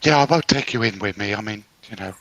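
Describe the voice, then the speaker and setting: A man's voice: lowish voice, fast, a bit bright, poor audio. A man chatting casually as a guest on a live stream over a video call, laid-back, with a dry sense of humour.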